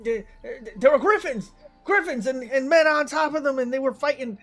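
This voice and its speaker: A man's voice: extremely high pitch, fairly bright tone, soft background music, pitched above the performer's own voice. A man doing a stammering frightened captive. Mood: pleading. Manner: stammering, rushed pleading. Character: frightened young male captive pleading.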